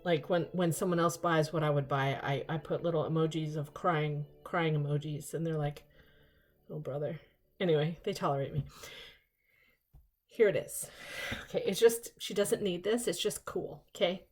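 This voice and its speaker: Chatty, excitable older woman vlogger. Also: low voice, normal speed, soft background music. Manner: chatty, excitable, rambling asides. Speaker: vlog host. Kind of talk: casual unboxing chat.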